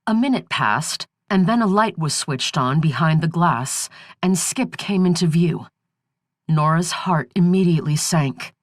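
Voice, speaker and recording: A woman narrating an audiobook thriller in a slow, measured, steady reading. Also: on the low side, no echo, clean studio sound.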